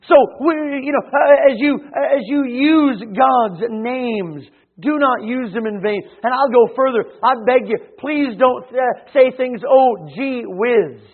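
A man preaching a sermon in church, swinging between hushed and emphatic delivery with frequent hesitations. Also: very high-pitched, a little slow. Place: church sanctuary. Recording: tinny phone-like sound.

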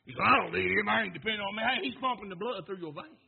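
A man preaching a sermon with fervent, rhythmic repetition, swinging between hushed lines and shouts. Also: high voice, rapid-fire, vocal fry, slightly rough, narrow, tinny audio. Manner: rhythmic repetition, asks congregation to repeat.

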